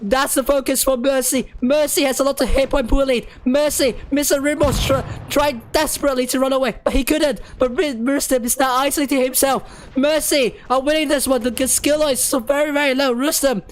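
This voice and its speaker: An esports caster calling a live match play-by-play in rapid, excited bursts that climb higher, straining and losing their voice.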